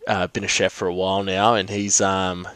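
A man's voice: sits low, little pitch movement, normal speed, fairly bright tone, smooth, no echo. A man hosting a casual podcast, rambling with fillers and restarts. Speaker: podcast host. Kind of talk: casual chat.

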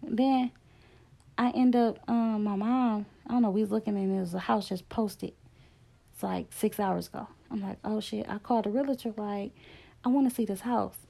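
A middle-aged woman tells her own story in a casual, candid way. Her voice carries a gravelly fry and a mellow, dark tone. She leans hard on key words, rushing some stretches and slowing right down on others. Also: mid-range voice, fairly even intonation. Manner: candid, emphatic, drifting between fast and slow. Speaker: speaker sharing a personal story.

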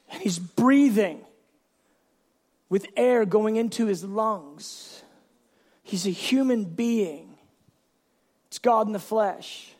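A man pastor preaching a sermon in an animated storytelling way, bursting into shouts. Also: high-pitched, slow pace, pauses often.

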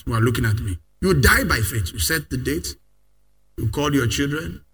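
A man preaching a sermon, leading the congregation in call-and-response and rising to loud declarations. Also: mid-range voice, lively intonation, normal speed, husky.

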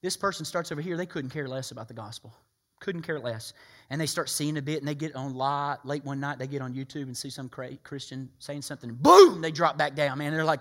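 A man preaching a sermon, emphatic and animated, acting out people's voices. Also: on the high side, fast talker.

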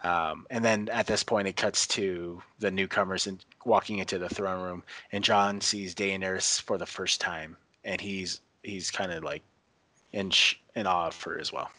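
A man's voice: low voice, steady tone, sharp tone, no echo. Casual man reading a script aloud. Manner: casual, halting, with fillers and self-corrections.

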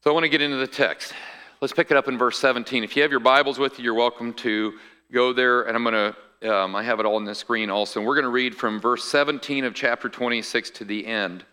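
A man's voice: mid-range voice, steady tone, quick pace, pushed and bright, clear, resonant tone. A male pastor preaching a sermon in a conversational way, explaining scripture with asides to the congregation.

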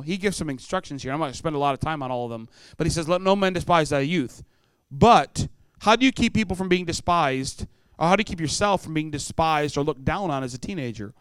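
Lively preacher man telling stories. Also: fairly high pitch, clean tone, no echo. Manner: storytelling, acts out voices, asks the room questions. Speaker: preacher speaking to teenagers. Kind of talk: sermon.

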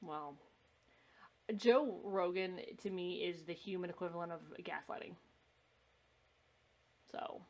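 A woman's voice: on the low side, slow, pauses often, a little mellow. Blunt, laughing woman podcast co-host. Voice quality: blunt, laughs often, swears freely. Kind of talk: casual chat while watching a movie.

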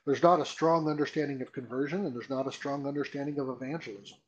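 A man's voice: mid-range voice, steady tone, fast, highs cut off. A man, a pastor being interviewed, explaining doctrine earnestly with rhetorical questions and emphatic repeats. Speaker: pastor guest. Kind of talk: conversational teaching interview.

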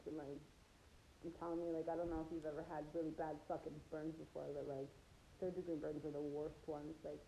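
A woman's voice: low voice, little pitch movement, a little fast, warm tone. Profane, laughing woman in an echoey room. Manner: profane, rambling, laughs often. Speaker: guest telling a story. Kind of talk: casual storytelling. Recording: roomy with clear background noise.

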